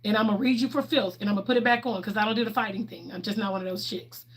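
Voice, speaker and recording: A woman's voice: medium pitch, steady tone, fast talker, breathy edge. A young woman with a Southern US accent, originally from Ohio, chatting casually on a livestream in a sassy, bubbly, outspoken way. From Ohio, raised in the US South. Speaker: livestream host.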